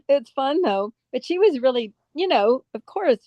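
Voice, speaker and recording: A woman's voice: high voice, big pitch swings, unhurried, mellow, no echo. Chatty older woman telling stories. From California. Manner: chatty, laughs often while telling stories. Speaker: guest actress. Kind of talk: casual interview chat. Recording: dull, dry lo-fi sound.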